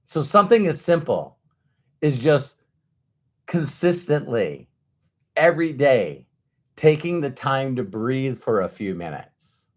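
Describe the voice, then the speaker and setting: Animated man giving a motivational talk. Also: mid-range voice, slow pace, long pauses. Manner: animated and conversational, acts out doubters' voices. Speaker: motivational speaker.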